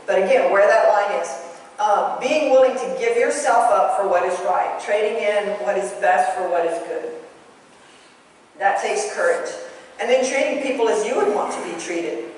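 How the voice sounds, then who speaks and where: A woman giving a motivational talk on basketball officiating, telling lively stories and turning to the audience. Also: mid-range voice, normal speed. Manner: storytelling, animated, with asides to the audience. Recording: echoey hall, voice from far off, faint room noise.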